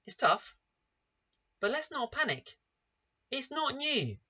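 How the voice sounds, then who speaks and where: A man's voice: extremely high pitch, very animated, takes it slowly, sharp tone, husky. A man preaching a sermon for an online service, emphatic and full of rhetorical questions. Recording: dull lo-fi online service recording.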